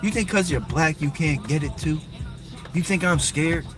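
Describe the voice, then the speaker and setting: A man from Brooklyn, New York, rants on a livestream from a car parked on a city street, faint music playing in the background. His voice is on the high side and a bit bright at a moderate pace as he answers viewers confrontationally and profanely, firing off rhetorical questions.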